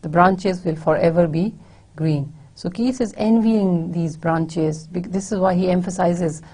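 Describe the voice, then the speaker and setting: A woman lecturing on a poem, reading lines aloud and explaining them slowly, often repeating and rephrasing herself. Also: lowish voice, fairly even intonation, warm tone, breathy edge. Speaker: university lecturer. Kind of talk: poetry lecture.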